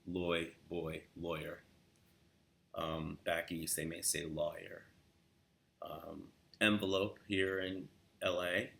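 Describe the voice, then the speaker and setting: A man's voice: low-pitched, gravelly. A man from Los Angeles with a Southern California accent, casually teaching the local way of saying words with example sentences. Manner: relaxed, demonstrates words in quoted example sentences. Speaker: accent tutor. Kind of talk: casual spoken accent lesson.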